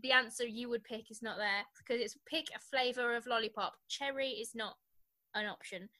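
Bright-voiced sarcastic woman in her twenties. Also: a little high, fairly even intonation, moderate pace. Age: 20s. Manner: dry, teasing, sarcastic asides. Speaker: podcast co-host. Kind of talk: casual chat.

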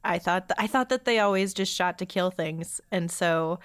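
A woman's voice: on the low side, moderate pace, no echo. Chatty woman podcast co-host, dry sound. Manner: chatty, laughs easily, says "like" a lot. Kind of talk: casual chat.

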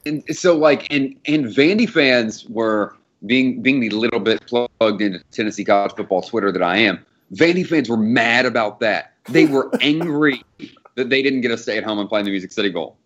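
A man co-hosting a casual sports podcast, rambling and animated as he talks, swearing and laughing along the way. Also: medium pitch, moderate pace, highs cut off. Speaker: podcast co-host.

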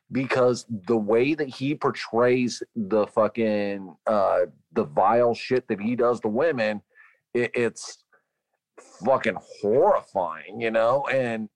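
A man's voice: mid-range voice, no room sound. A man co-hosting a casual film discussion, talking bluntly with a lot of swearing. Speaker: podcast co-host.

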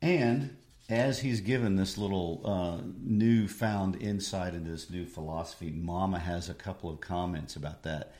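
A man teaching literature, explaining a play in a measured way. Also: low-pitched, a little mellow. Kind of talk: discussion of a play. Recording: echoey room.

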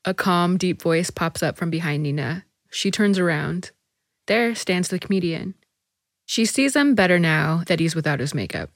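A woman reading a short story aloud as narrator, measured and even. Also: on the low side, no echo, clean studio sound.

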